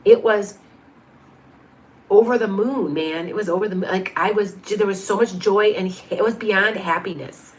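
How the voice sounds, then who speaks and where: A woman's voice: mid-range voice, normal speed, slight background noise. A woman in her fifties, a medium hosting a livestream, chatting casually through viewer questions with lots of restarts and asides. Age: 50s.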